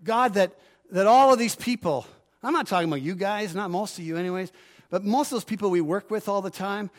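A man's voice: high-pitched, fairly quick. A middle-aged man preaching a sermon, earnest and rising into fervent, pleading prayers. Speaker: pastor.

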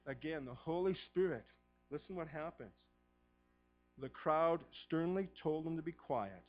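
A middle-aged man preaching a sermon as pastor, fervent, swinging from a hushed voice to shouting. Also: fairly high pitch, expressive, a little slow, muffled recording, soft background music.

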